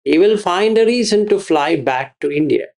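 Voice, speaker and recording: A man's voice: sits high, lively intonation, normal speed, darkish tone. A man giving a Buddhist teaching, repeating his phrases and asking rhetorical questions. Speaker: meditation teacher.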